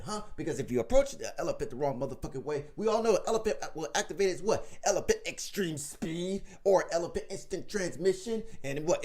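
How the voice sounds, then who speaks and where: A man's voice: sits high, lively intonation, fairly quick, few pauses, a little mellow. A man ranting about politics in a vlog, emphatic and mocking, swearing heavily and rambling with restarts. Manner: rambling with frequent restarts and fillers. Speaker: vlog host. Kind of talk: profane political rant.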